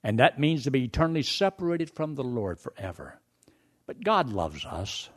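A man preaching a sermon, telling a story in a folksy, animated way and acting out the scene. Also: medium pitch, normal speed.

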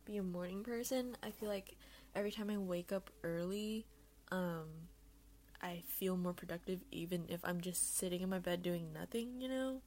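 A woman's voice: on the low side, moderate pace, darkish tone, slight background noise. A young woman hosting her own podcast alone, chatting casually in a bubbly, rambling, self-deprecating way, recorded on an earphone mic. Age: young adult. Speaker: podcast host. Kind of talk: casual solo chat.

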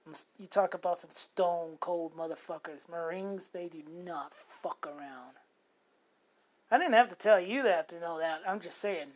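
A man's voice: a little high, normal speed. A man co-hosting a podcast, telling a long personal story in casual chat, rambling and profane with many restarts. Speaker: podcast co-host.

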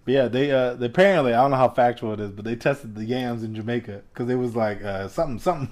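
A man's voice: medium pitch, quick pace, darkish tone. A man in a casual chat, laid-back and slangy, often laughing as he talks.

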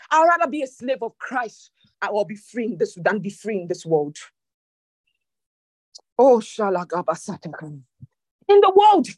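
A woman preacher delivering an impassioned sermon, repeating lines for emphasis and dropping into low, slow prayer. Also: no room sound. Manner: speaks in tongues during prayer.

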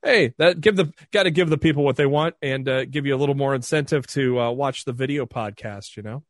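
A man's voice: medium pitch, brisk, no room sound, clean studio sound. A man co-hosting a casual podcast, rambling with many fillers in an easygoing way. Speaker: podcast co-host.

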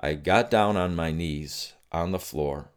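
A man with a very low, deep voice gives devotional teaching in an unhurried, earnest way. He pauses to reflect as he tells a personal story. He sounds middle-aged. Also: clean tone. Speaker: Christian teacher.

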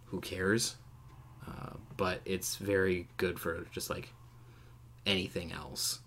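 A man's voice: low voice, level tone, slow, fairly bright tone, a little hiss or hum. A man co-hosting a casual tabletop game podcast, rambling with many fillers. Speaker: podcast co-host. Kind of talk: casual chat about tabletop game spells.

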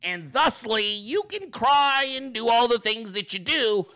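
A man's voice: very high voice, animated, unhurried, bright, forceful tone. A man hosting his own podcast, talking in a brash, mocking way and swearing freely. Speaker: podcast host. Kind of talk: casual political commentary.

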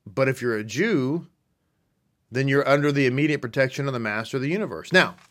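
A man teaching a religious lesson, reading passages slowly and then speaking emphatically, repeating words for stress and asking rhetorical questions. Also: medium pitch, expressive, a bit bright. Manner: reads passages slowly, then speeds up in asides. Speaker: rabbi teaching a congregation. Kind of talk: sermon-style teaching.

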